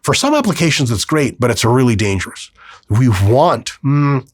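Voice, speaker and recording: Animated, profane man with a husky voice. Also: medium pitch, no echo, clean studio sound. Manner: animated, profane, acts out quick voices in his story. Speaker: podcast host. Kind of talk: casual solo monologue.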